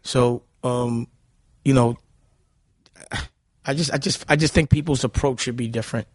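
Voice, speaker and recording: At normal speed, a man's mid-range voice with fairly even intonation comes through on a dry recording. A guest from Harlem, New York, he tells blunt, heated stories in a casual interview and keeps saying "you know what I'm saying."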